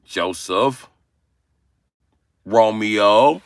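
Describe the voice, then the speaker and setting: A man hosting a casual livestream, brash and profane as he roasts his chat, with sudden bursts of yelling. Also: fairly low pitch, drawn-out words, no room sound. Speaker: livestream host.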